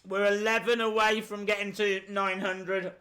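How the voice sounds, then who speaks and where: A man's voice: high-pitched, flat delivery, normal speed, bright, forceful tone. A man hosting a live stream, groaning and exclaiming in disgust as he talks through a full mouth. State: mouth full while talking.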